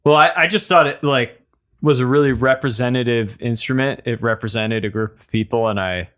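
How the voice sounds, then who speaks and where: Male co-host, deadpan and mock-serious, mid-pitched voice. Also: a little fast. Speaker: podcast co-host. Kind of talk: casual comedic chat.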